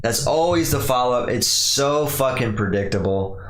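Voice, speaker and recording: A man's voice: mid-range voice, animated, moderate pace, fairly bright tone. A young man hosting a podcast, rambling casually through a solo rant and mimicking other people in quotes. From Pacific Northwest. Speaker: podcast host. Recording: echoey room.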